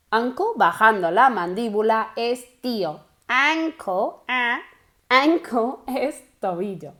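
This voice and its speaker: A woman teaching English, running slow pronunciation drills and exaggerating sounds so learners can hear them, with short explanations in Spanish. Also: on the high side, fairly bright tone. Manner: exaggerates pronunciation and laughs at herself. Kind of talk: online language lesson with drills.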